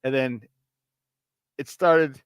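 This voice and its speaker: His mid-range voice is clear and resonant, unhurried, in a clean, echo-free studio recording. This ex-player hosts a lively football talk show, chatting casually, laughing frequently, telling locker-room stories and hyping with "baby."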